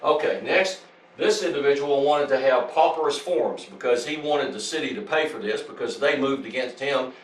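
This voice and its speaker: Heard from a distance in an echoey room with slight background noise, a mid-range male voice at moderate pace delivers a lecture at a public talk. He reads legal statements aloud, repeating himself emphatically and often restarting sentences.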